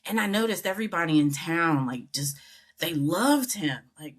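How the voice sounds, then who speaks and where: Animated woman telling a story. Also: normal speed. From United States. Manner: animated, acts out quoted voices with big pitch jumps. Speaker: interview guest. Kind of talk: casual storytelling.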